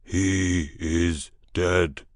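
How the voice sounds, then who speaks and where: A man voicing a hairy grey beast-man in an audiobook, who speaks in slow, grave pronouncements. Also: sits low, steady tone, no echo, studio quality. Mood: solemn.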